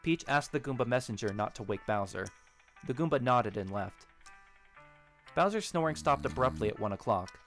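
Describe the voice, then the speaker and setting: A man narrating a story in a steady, even storytelling manner. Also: mid-range voice, normal speed, faint music behind. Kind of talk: audiobook narration of a fan story.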